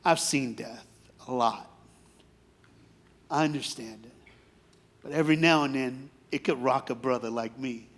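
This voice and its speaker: A man preaching a sermon in a storytelling way, dropping to quiet asides and then rising to loud, shouted preaching. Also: mid-range voice, steady tone, a little slow, pauses often. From grew up in foster care. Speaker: guest preacher.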